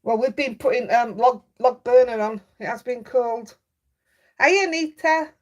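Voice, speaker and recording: A woman's voice: a little high, a little slow. A woman with a Yorkshire accent hosting a craft livestream, chatting casually and reading out viewer comments. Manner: chatty, reads out viewer comments, laughs easily. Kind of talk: casual live chat.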